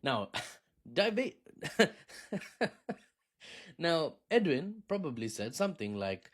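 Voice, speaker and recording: A man's voice: medium pitch, moderate pace. Young male storyteller-host, casual and jokey, wildly swooping delivery. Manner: joking, lively, laughs at own asides, puts on silly accents.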